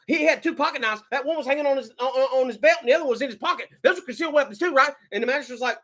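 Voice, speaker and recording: A man's voice: extremely high pitch, rapid-fire, few pauses, fairly bright tone. Furious man ranting on a live stream. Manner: heated, profane, repeats himself. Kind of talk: angry live-stream rant.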